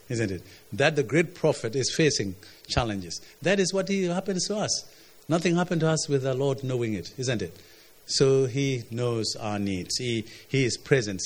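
A man preaching a sermon, often repeating words and swinging between loud stresses and quiet trailing phrases. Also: on the low side. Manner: halting, repeats words, rises and falls in volume.

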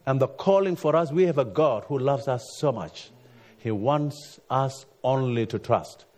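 Halting preacher man, frequent restarts. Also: medium pitch, darkish tone. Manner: halting, repeats words, frequent "you see". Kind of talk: sermon with personal story.

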